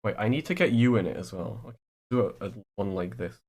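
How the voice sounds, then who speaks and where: A man's voice: on the low side, animated, fast, a little mellow. A man co-hosting a streamed talk show, joking and teasing in casual banter. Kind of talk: casual chat.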